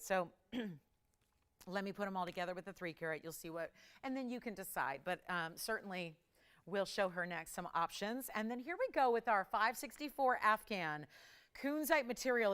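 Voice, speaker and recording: A woman hosting a live TV jewelry shopping show. She gives an upbeat, chatty sales pitch and keeps it moving. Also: lively intonation, moderate pace, fairly bright tone, clean tone. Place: TV studio.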